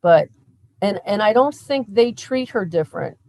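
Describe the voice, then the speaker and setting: A middle-aged woman, a mother and podcast guest, telling stories in a lively, animated way. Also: mid-range voice, moderate pace, vocal fry, poor audio. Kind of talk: casual interview chat.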